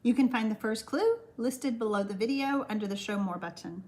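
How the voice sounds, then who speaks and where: A woman's voice: on the high side, fairly quick. An older woman with a Texan accent, hosting a live card-making class, chatting with viewers and reading their comments aloud. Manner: chatty, reads viewer comments aloud and answers them warmly. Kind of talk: live-stream craft class with chat.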